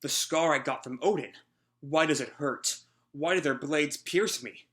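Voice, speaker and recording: A man voicing a huge, brutal male warlord in a loud, pained way. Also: on the high side, unhurried.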